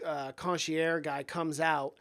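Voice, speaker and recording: A man's voice: a little high, level tone, slow, a bit bright. A man co-hosting a podcast who agrees readily and chimes in with short remarks while reviewing a movie. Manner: agreeable, chiming in, laughing along. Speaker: podcast co-host. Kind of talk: casual movie review chat.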